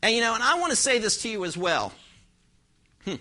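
A man's voice: high-pitched, sing-song, a little fast, pushed and bright. A man, a pastor, preaching an emphatic sermon in church and firing rhetorical questions at his congregation. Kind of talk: expository sermon.

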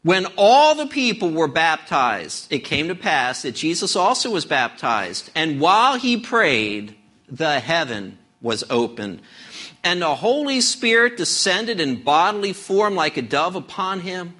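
A pastor preaching a sermon, moving from telling a joke into emphatic preaching and scripture reading. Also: male voice, a little high, big pitch swings, a little slow, sharp tone. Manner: storytelling, then emphatic preaching.

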